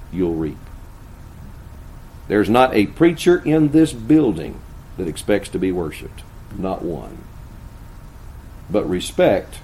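A man preaching a sermon, swinging between hushed, intimate asides and loud, emphatic declarations. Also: deep voice, a little hiss or hum, low-quality recording. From United States. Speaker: pastor.

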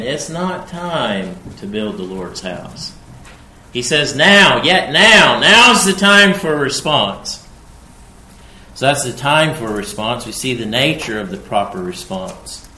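A man delivers an expository sermon at a slow, deliberate pace, and his voice rises with emphasis on quoted verses. His tone is bright and forceful. The sound is roomy and echoing, with a faint ambient hum behind it. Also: medium pitch. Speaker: preacher. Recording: echoey room.

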